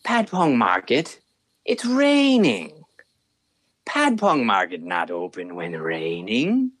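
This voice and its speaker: A man's voice: mid-range voice, huge pitch swings, slow, a bit bright, no room sound, full character voice. A man voicing a pushy restaurant tout who insists in clipped, mock Thai-accented broken English. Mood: insistent. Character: pushy male restaurant tout with slick hair.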